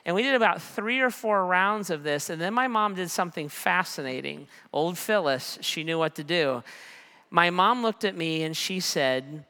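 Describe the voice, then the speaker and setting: Guy in his 40s preaching, bright clear voice, bit higher pitched, chatty storyteller with jokes at his own expense, big hall echo. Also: animated, moderate pace. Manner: conversational, self-deprecating humor. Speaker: pastor. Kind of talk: sermon storytelling. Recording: long hall reverb.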